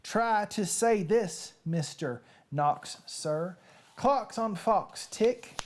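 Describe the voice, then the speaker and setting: A woman's voice: medium pitch, lively intonation, extremely slow. A woman voicing a pushy male fox who sets tongue twisters, in a put-on Southern US accent and a coaxing sing-song.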